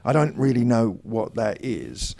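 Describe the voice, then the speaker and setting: A man's voice: mid-range voice, sing-song, a little slow, creaky, mellow. A man appearing as a guest on a live show, chatting in a reflective, self-deprecating way. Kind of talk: live chat show conversation.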